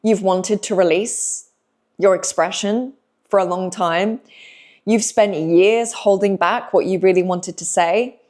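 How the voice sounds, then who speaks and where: A young woman, giving a gentle, emotional spiritual message to her viewers, with sighs and slow pauses. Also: medium pitch. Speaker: intuitive reader speaking to viewers. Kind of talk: spiritual channeled message to camera.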